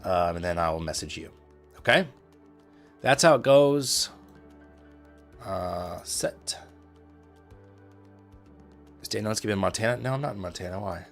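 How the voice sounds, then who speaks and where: Brief: easygoing Midwestern man, lower register, joking livestream host. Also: animated, a little slow, long pauses, soft background music. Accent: neutral Midwestern. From Indianapolis, US Midwest. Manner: chatty, joking with chat, playful asides. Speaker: trading livestreamer. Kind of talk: casual livestream commentary.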